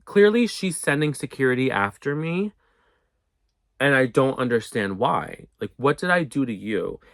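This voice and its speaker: A young man telling a storytime in a casual, profane, animated way, acting out what people said. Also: medium pitch, normal speed, gravelly, no room sound. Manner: animated, profane, acts out quotes. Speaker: storyteller vlogger.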